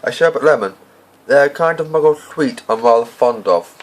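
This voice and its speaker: A man voicing a calm, gentle old male wizard headmaster in an amateur audiobook reading, speaking in a gentle, unhurried way. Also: mid-range voice, pitched above the performer's own voice, natural voice.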